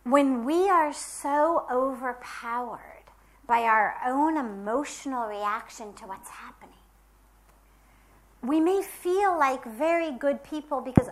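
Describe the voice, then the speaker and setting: A woman giving an earnest, emphatic spiritual talk, pausing between phrases. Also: high voice. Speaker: spiritual teacher.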